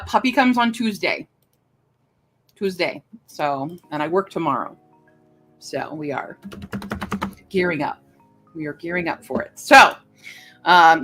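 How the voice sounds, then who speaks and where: A woman livestreamer chatting casually with her viewers, rambling and filling pauses with lots of ums and uhs. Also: medium pitch, fairly bright tone. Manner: chatty and rambling, with many fillers. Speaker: livestreamer greeting chat. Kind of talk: casual live-stream chat.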